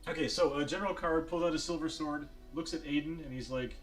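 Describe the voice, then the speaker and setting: A man's voice: on the high side, fast talker, soft background music. A man narrating as game master of a tabletop game, rambling and hesitant with lots of fillers and laughs.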